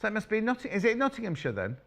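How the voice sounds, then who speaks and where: A woman's voice: medium pitch, huge pitch swings, rapid-fire. A middle-aged woman presenting a live TV sewing demonstration as a quilting expert, chatty and bantering with crew and viewers.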